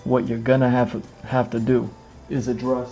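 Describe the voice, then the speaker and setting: A man talking loosely on a live stream, circling back and repeating himself with plenty of fillers, his voice sitting at an ordinary middle pitch. Faint music plays behind him as he talks to the camera under bright lights in a room. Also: monotone, moderate pace. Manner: rambling, repeats phrases, many fillers. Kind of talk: casual livestream chat. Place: indoors in front of a camera with lights.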